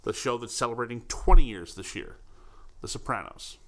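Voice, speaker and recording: A man in his forties, raised in Connecticut, chatting casually as a podcast co-host. He talks at an average pitch, laughs easily and gets into his stories with real enthusiasm. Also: lively intonation, moderate pace, bright, forceful tone. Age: 40s. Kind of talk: casual chat.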